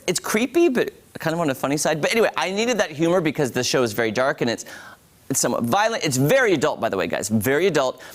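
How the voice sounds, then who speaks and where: A man reviewing TV shows on a morning show, chatty and talking straight to viewers. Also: medium pitch. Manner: chatty, animated, addresses viewers as guys. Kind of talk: casual TV review.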